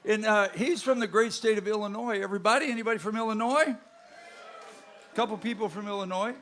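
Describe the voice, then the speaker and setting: Bandleader MC, male, slightly high voice, folksy, jokey stage banter into a stage mic at a live venue. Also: fairly quick, fairly bright tone. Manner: folksy, joking banter with the audience. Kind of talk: onstage band introductions. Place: live music venue with a crowd. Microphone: stage microphone.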